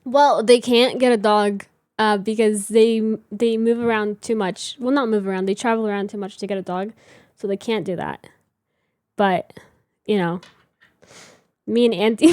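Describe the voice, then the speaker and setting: A woman in her thirties with a high voice chats casually with her viewers. She is giggly and talkative. The sound is dry and close, with no room echo. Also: a little mellow. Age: 30s. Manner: chatty, giggly, reads chat aloud. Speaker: livestream host. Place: home room with reading chair.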